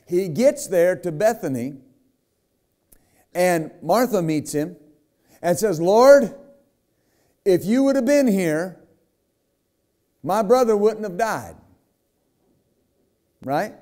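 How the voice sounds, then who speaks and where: A man's voice: sits high, animated, slow pace, pauses often, a little mellow. A man preaching a sermon as pastor, retelling a scripture story with acted quotes and emphatic asides to the congregation. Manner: emphatic, frequent "right?" and "amen?".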